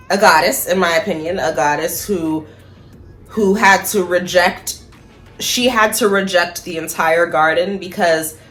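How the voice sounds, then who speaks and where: A woman talking casually and bluntly to camera, swearing freely, laughing at her own points and slowing down for emphasis. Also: fairly low pitch, fairly bright tone. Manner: slows down for emphasis. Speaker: spiritual vlogger. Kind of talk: casual opinion monologue.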